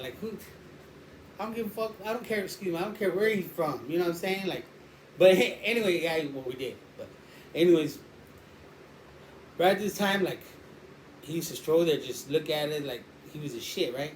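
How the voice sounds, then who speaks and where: A man telling a rambling, slangy street story in a casual way. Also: a little high. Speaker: storyteller guest. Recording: roomy echo, faint background noise.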